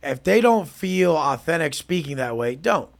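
A man's voice: on the high side, animated, moderate pace, gravelly. A man speaking as a podcast guest, in a blunt, intense and profane casual style. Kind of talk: casual talk.

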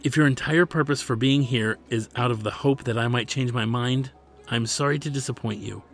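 A man's voice: mid-range voice, normal speed, faint music behind, lightly acted. A man voicing a cold, proud young princess, speaking curtly and dismissively. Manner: curt, dismissive.

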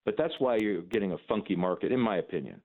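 A man's voice: sits low, animated, fast. A man hosting a call-in radio talk show, opinionated and emphatic, with mocking asides. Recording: phone-like narrow band.

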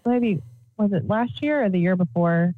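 A woman's voice: medium pitch, expressive, moderate pace, narrow, tinny audio, background noise. A woman telling an anecdote in casual panel chat, giggling and acting out quotes.

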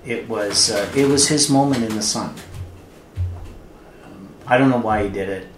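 An older man from Canada with a deep voice recalls his father in an unhurried, roomy recording. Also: soft background music. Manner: unhurried, halting, amused storytelling. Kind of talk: anecdotal storytelling. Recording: roomy with faint noise.

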